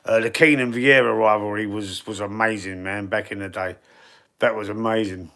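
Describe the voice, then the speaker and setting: An Englishman with a Cockney accent hosts a relaxed football-fan livestream, reading the chat and rambling on in laid-back slang. His voice is lowish and sharp, with fairly even intonation and a moderate pace. He's chatty and meandering, repeating words and restarting sentences.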